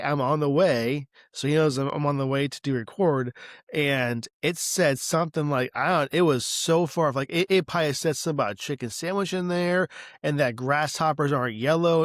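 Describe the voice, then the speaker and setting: A man's voice: fairly high pitch, fairly quick, no room sound, clean studio sound. Rambling man telling a story on a podcast. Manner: rambling, exaggerating storyteller with repeated restarts. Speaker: podcast co-host. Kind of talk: casual tech podcast chat.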